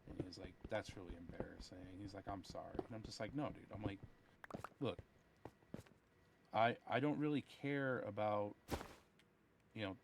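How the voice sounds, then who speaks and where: A tired man, a software developer, ranting about work with heavy swearing in a casual voice-chat conversation. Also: fairly low pitch, normal speed, pauses often, noisy background. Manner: profane, ranting, retells dialogue. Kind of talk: casual chat over voice call.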